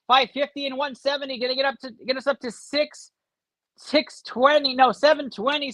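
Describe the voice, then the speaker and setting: A man hosting a livestream, giving fast live commentary while opening card packs and adding up the points out loud. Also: extremely high pitch, dry recording, rough recording. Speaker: livestream host.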